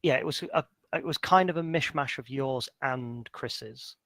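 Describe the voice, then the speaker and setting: A man in a casual podcast chat, talking as the game master who ran the session. He rambles in an animated way with plenty of fillers. His voice sits at a middle pitch, and the recording is dry and close. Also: normal speed, no echo.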